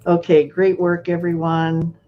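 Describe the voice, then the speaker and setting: Lo-fi woman host, slightly low voice. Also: monotone, a little slow. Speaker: show host. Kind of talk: casual interview chat. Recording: dull lo-fi sound with faint noise.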